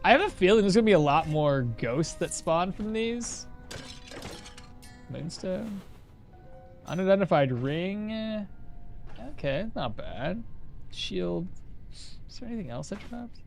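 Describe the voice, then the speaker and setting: A man's voice: high voice, animated, takes it slowly, gravelly, pauses often. Male streamer, casual running commentary over faint game music, bouncy delivery. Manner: chatty, reads and answers chat while playing. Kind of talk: casual live gameplay commentary.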